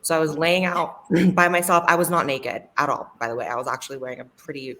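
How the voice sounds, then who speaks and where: Low-voiced, bright, blunt woman. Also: flat delivery, quick pace, a little hiss or hum. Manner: blunt, profane storyteller. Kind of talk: casual group chat.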